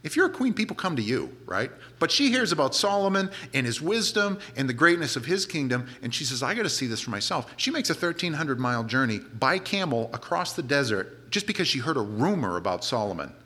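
Animated, forceful preacher man. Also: mid-range voice, brisk, few pauses. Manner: animated, conversational retelling with casual asides. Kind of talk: sermon storytelling.

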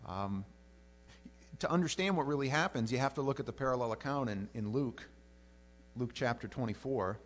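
A man preaching a sermon in a conversational, animated way, often restarting his sentences. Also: mid-range voice, moderate pace, long pauses.

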